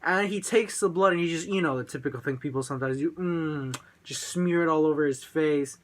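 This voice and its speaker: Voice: medium pitch, a little fast. A video reviewer talking in a rambling, casual way, with many fillers and crude, offhand remarks.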